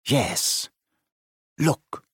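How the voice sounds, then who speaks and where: A man's voice: extremely slow, no echo, clean studio sound. A man voicing a young boy wizard who takes charge of a chess game with bossy decisiveness. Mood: commanding. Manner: bossy, decisive under pressure.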